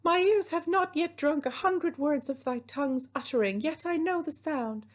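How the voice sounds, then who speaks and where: Teacher's Juliet: young, cautious, voice pushed up high, stagey. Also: female voice, moderate pace, lightly acted. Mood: wary. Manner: raised, high theatrical reading. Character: young Juliet, wary and practical girl.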